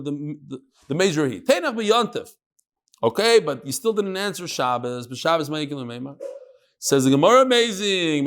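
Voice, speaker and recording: A man gives a Talmud class. He talks in a chatty way and jokes in asides between his readings of the text. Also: high voice. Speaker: Talmud teacher. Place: classroom with live audience.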